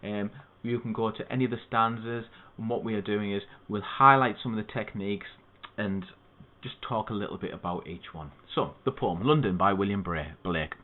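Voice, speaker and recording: Guy tutoring english lit, lowish voice, tinny phone-like sound, slow and methodical. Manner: steady, methodical teaching with spoken asides. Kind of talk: explaining a poem to students.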